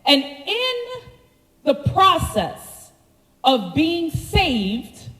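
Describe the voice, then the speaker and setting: A woman preaching a sermon, telling the story with animated slangy asides to the congregation. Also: very high-pitched, drawn-out words, roomy sound, long reverb tail, poor audio. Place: church sanctuary.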